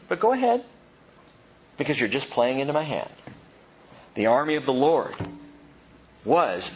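A man preaching a sermon, animated, calling his listeners "gang" and explaining scripture. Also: medium pitch, highs cut off, slight background noise. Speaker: pastor.

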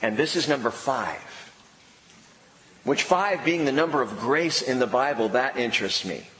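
A man preaching a sermon in an emphatic way, with dramatic pauses and sudden drops to a hushed voice. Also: medium pitch, lively intonation. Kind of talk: expository sermon. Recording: echoey hall with long reverb, faint background noise.

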